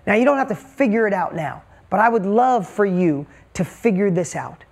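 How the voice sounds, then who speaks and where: A man's voice: sits high, animated, moderate pace, vocal fry. A middle-aged man giving a motivational talk, telling a story and repeating key points with emphasis. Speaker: motivational speaker.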